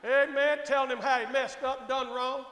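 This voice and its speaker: A middle-aged male pastor preaching a sermon in a church, moving between quiet conversational asides and shouted, drawn-out lines, often calling out to ask if everyone is all right. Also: very high voice, flat delivery. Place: church sanctuary. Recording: echoey church hall with long reverb.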